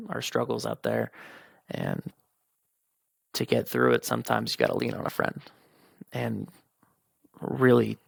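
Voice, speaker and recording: In a gravelly, mid-range voice recorded with no room sound, a young man hosts a podcast. His personal monologue is candid and informal, covering his own life, quoting friends and family, with the occasional swear.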